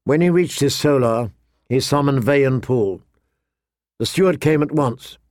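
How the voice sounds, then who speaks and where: In a dry, clean studio recording, a man narrates an audiobook from a script, his mid-range voice steady and measured as he tells the story.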